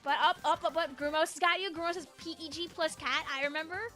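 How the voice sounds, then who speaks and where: A woman's voice: very high-pitched, steady tone, quick pace, bright, forceful tone. A woman in her twenties streaming a game from home, chatting casually and rambling, laughing often as she answers her chat. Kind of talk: casual live-stream chat while gaming. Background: game music.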